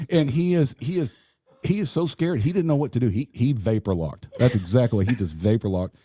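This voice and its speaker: A man's voice: mid-range voice, animated, fairly quick, warm tone, slightly rough. A middle-aged man, a retired police officer, telling a funny work story in casual chat and laughing as he goes.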